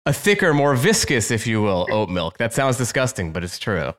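A man's voice: on the low side, very animated, moderate pace, a bit bright. A man hosting a casual chat podcast, upbeat and laughing often as he talks with his guest. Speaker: podcast host.

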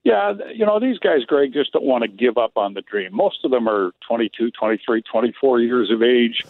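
A man's voice: mid-range voice, no echo. Man reporting sports over a phone line. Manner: brisk, chatty, with lively rises. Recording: tinny phone line, dry.

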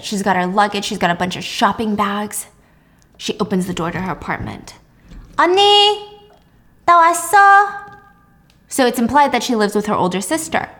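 A woman hosting a casual chat, retelling a drama with animated, playful storytelling. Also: medium pitch. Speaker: host.

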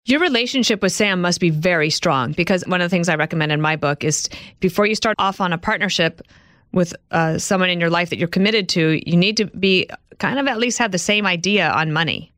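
A woman hosts an interview in a fairly low voice, her questions sounding dry and close on a studio mic. She affirms her guest as she listens. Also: brisk, a bit bright, no echo. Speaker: podcast host, author. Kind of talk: interview hosting.

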